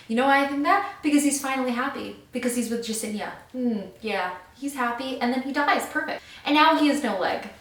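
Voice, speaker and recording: A young adult woman vlogging her reactions to a book, gushing and excitable with lots of filler words. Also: sits high, brisk, recorded from a distance. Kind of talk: casual reading vlog reactions. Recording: roomy sound, mic set back.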